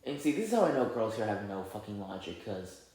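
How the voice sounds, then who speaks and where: A man's voice: fairly low pitch, very animated, fast, darkish tone. A young man hosting a podcast, ranting in a casual, profane way and mocking others in put-on voices. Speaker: podcast host. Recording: echoey room.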